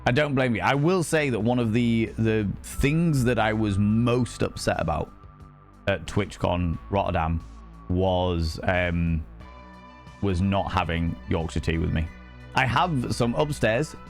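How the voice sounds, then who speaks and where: A man's voice: measured pace, gravelly, faint music behind. Playful man streaming, cheeky. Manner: playful, greets viewers with cheeky pet names; swoops up high for mock grandeur. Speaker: livestreamer. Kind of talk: casual live-stream chat. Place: home streaming room.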